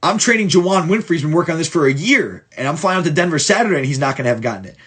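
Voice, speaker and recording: Husky-voiced blunt football coach, a man. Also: on the high side, animated, rapid-fire, a bit bright. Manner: blunt and profane, many restarts; repeats himself for emphasis. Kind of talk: casual film breakdown for clients.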